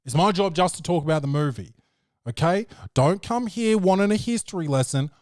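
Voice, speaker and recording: A man's voice: high-pitched, expressive, a little fast, darkish tone, no room sound, clean studio sound. A man hosting a podcast, recapping a film in a brash, profane and joking way. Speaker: podcast host. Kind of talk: casual film review chat.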